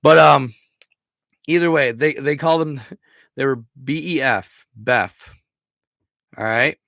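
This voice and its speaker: Male streamer, unhurried and loose, slangy and rambling, dry close sound. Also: mid-range voice, gravelly, fairly bright tone, dry recording. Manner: rambling, slangy, stumbles over words. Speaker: livestream host. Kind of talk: casual livestream history talk.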